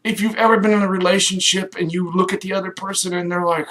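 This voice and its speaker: A middle-aged man from Kansas in a rambling, enthusiastic direct-to-camera pitch, acting out little quoted voices. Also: flat delivery, a little fast, fairly bright tone. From Kansas, USA. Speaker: home business promoter.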